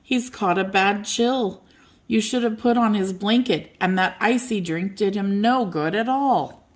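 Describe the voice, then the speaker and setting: A woman's voice: mid-range voice, a little slow, pitched above the performer's own voice, lightly acted. A woman doing an urgent, stern male groom. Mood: scolding. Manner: urgent, commanding.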